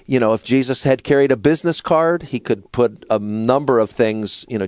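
A middle-aged man telling stories in a relaxed conversation as a guest, sometimes slipping into a squeaky toddler voice. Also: brisk, few pauses, no room sound, studio quality. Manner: animated storyteller, mimics a toddler in a high squeaky voice. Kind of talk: conversational storytelling.

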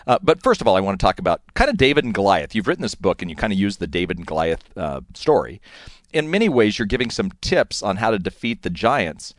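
A man's voice: lowish voice, sing-song, fast, dry recording, studio quality. A middle-aged man hosting a radio show, introducing his guest and bantering with him. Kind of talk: radio interview.

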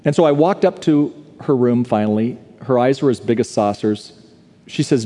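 A man's voice: mid-range voice, normal speed, warm tone. A man telling a personal story during a live sermon in a large church, earnest and confessional, building to repeated declarations. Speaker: speaker. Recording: live hall recording.

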